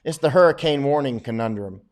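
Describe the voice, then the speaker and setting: A man's voice: medium pitch, animated, brisk. Middle-aged florida guy rambling on a livestream, chatty, lots of restarts and little laughs, answering viewer questions. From Florida, United States. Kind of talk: casual livestream chat.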